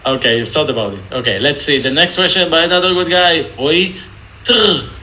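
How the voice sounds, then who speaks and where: A man's voice: on the high side, a little fast, pushed and bright, a little hiss or hum, poor audio. A man with an Israeli accent, hosting an online Q&A in a joking, hesitant way and reading out audience questions. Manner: jokey, hesitant, reads out questions. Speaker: meetup Q&A moderator. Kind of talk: casual online Q&A. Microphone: video call.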